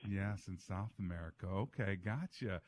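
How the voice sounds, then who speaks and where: Male call-in radio host, lowish voice, folksy and affirming, dry studio sound. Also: moderate pace, dry recording. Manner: lively, folksy, affirming callers. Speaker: radio talk show host.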